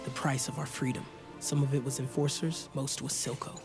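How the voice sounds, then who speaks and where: An actor playing a tough young male rebel leader in an animated series, blunt and wry. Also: medium pitch, fairly quick, natural voice. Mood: somber. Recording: clip with loud music behind.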